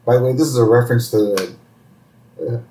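A man co-hosting a podcast, casually recapping a cartoon episode and acting out the characters' lines with loud bursts. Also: mid-range voice, fairly quick. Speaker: podcast co-host. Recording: roomy echoey sound.

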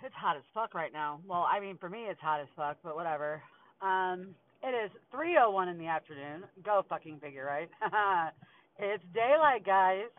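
A woman's voice: lowish voice, animated, normal speed. A woman hosting her own podcast, venting casually in an angry, exasperated and profane way, with bitter laughs. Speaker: podcast host. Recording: tinny phone-quality recording with faint hiss.

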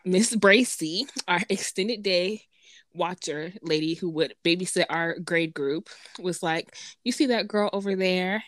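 A woman's voice: lowish voice, fairly bright tone, no room sound. A young woman co-hosting a casual podcast chat, playful and blunt, laughing often. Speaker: podcast co-host.

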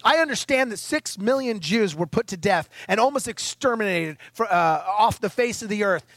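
A man's voice: high-pitched, a bit bright, no room sound. A middle-aged man preaching a sermon as pastor, emphatic and conversational with rhetorical questions, at times tearful and choked up.

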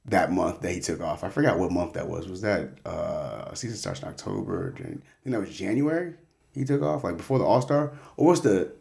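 A man with a low, gravelly, slightly mellow voice and lively intonation speaks fairly quickly as he hosts a casual sports talk podcast. He delivers his picks in a laid-back way, swearing casually and breaking off his own sentences.

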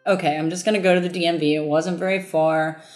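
A woman, the founder of a mobile book bus, telling her story in an interview, animated and laughing as she acts out what people said. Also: fairly low pitch, quick pace, faint music behind.

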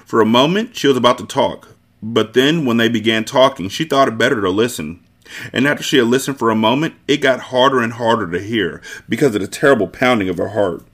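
A man hosting a podcast, reading a novel aloud with expressive, theatrical storytelling. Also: medium pitch, a little fast. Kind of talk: dramatic read-aloud narration.

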